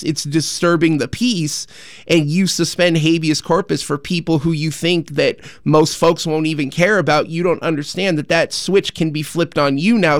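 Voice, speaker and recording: A man hosting a call-in radio show, speaking earnestly and haltingly with many fillers and restarts. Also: on the high side, gravelly, dry recording, studio quality. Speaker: radio host. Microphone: studio microphone.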